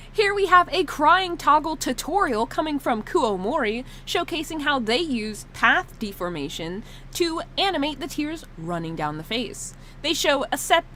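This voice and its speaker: A woman streamer chatting casually on a live stream. Her bright, fairly high voice swings widely in pitch as she laughs and fakes sobs. Faint ambience sits behind her. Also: slight background noise. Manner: animated, laughing, mock-sobbing, swearing.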